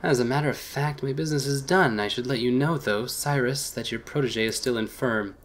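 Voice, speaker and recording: A man voicing a courteous, calm male gentleman in a visual novel game, speaking in a measured way. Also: medium pitch, natural voice.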